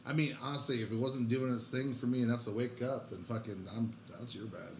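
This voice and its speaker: A man co-hosting a casual podcast, joking crudely and swearing freely in relaxed chat. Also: medium pitch, fairly quick. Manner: profane, joking, laid-back. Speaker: podcast co-host. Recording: echoey room with loud background noise.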